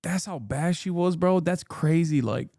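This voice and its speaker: A man in his thirties doing live stream reaction commentary, sarcastic and deadpan, laughing often. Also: fairly high pitch, unhurried, creaky, dry recording, clean studio sound.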